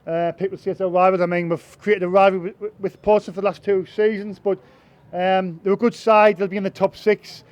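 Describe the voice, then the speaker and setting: High-voiced stammering fan reporter. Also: male voice, level tone, brisk, few pauses, lo-fi sound. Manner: stammers and repeats words, agreeable. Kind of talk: street interview. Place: outdoors in town.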